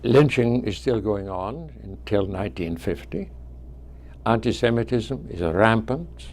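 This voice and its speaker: A very old man with a foreign accent, not a native speaker of English, tells his life story to students in a slow, halting way. His voice sits low and has a gravelly fry, and he often stops and restarts his sentences as he goes. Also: lively intonation, a little mellow. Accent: foreign accent, origin not named. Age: 90s. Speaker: guest speaker. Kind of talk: telling life memories to students.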